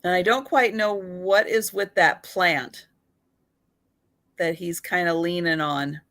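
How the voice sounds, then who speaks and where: Giggly woman hosting a live sale stream, takes her time, bright tone. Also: fairly low pitch, fairly even intonation, slow. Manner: giggly, chatty, laughs between remarks. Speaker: host of an online photo sale.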